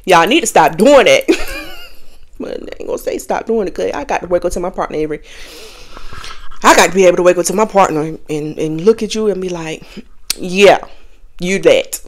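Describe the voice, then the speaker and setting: A woman's voice: lowish voice, lively intonation, a little fast. A young adult woman hosting a podcast, talking candidly and casually to her viewers, often laughing. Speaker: podcast host. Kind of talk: casual confessional chat.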